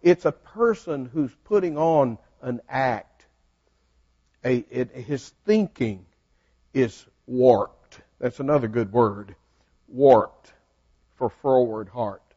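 A man with a mellow, medium-pitched voice speaks slowly as he leads a Bible study class in a folksy way. He teaches interactively, putting questions to the group, and the recording sounds dull and lo-fi.

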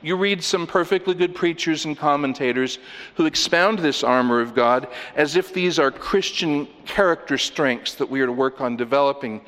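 A man's voice: on the high side, normal speed, fairly bright tone, long reverb tail. A male pastor delivering a sermon, driving his points home with rhetorical questions and plenty of emphasis.

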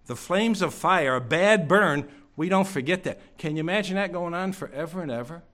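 Man, preacher, church sermon, fairly high voice, rhetorical questions, swings from loud to hushed. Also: normal speed. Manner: preaching with rhetorical questions and sudden drops to a hush.

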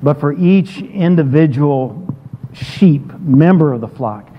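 A man's voice: on the high side, animated, takes it slowly, a little hiss or hum. A man preaching a sermon as pastor, earnest, often repeating words and restarting phrases. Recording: dull sound in a long-reverb hall.

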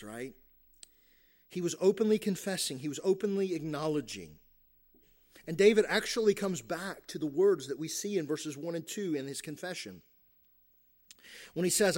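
High-voiced man preaching a sermon. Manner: earnest preaching with repeated restarts and tag questions. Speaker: pastor.

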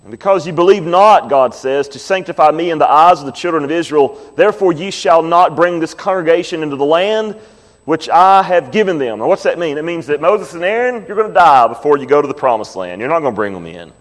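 A male pastor preaching a sermon, reading scripture slowly and asking the congregation questions. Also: on the high side, animated. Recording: long hall reverb.

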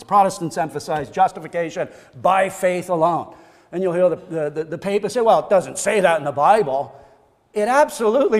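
Emphatic high-voiced preacher in a reverberant hall. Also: male voice. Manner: emphatic, repeats phrases for stress, frequent restarts. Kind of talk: sermon. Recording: long reverb of a large hall.

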